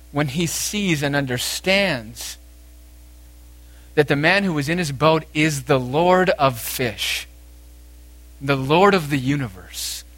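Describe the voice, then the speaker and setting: A man preaching a sermon, speaking with emphasis and moving between raised exhortation and quiet, intense passages. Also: on the high side, no room sound.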